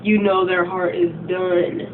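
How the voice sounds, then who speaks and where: A woman's voice: on the low side, little pitch movement, unhurried. Woman vlogger, casual emphatic rant, tinny phone-like sound with faint background noise. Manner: chatty and emphatic, acts out quotes. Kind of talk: casual rant retelling a game story. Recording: tinny phone-like mic from a distance.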